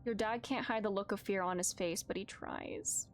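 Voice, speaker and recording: A woman streamer reading a narrative game aloud and reacting live, moving from calm reading to loud, distressed outbursts. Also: mid-range voice, normal speed, soft background music.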